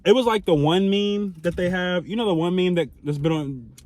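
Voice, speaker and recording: Animated young man telling a storytime. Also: sits high, normal speed, dry recording. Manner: animated, laughing, swings between loud and hushed. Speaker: vlogger. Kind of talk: casual storytime.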